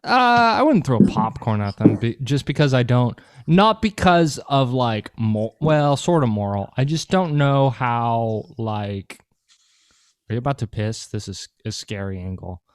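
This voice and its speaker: A man's voice: medium pitch, animated, a little slow, clean tone, no echo. A man co-hosting a podcast, chatting casually in a rambling, profane, joking way. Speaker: podcast co-host.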